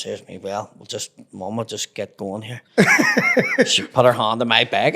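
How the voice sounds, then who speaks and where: A man's voice: lowish voice, animated, normal speed, gravelly, bright, forceful tone. A man with a Belfast accent, a comedian guest telling swear-laden stories in casual chat. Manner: swears constantly, acts out voices in anecdotes.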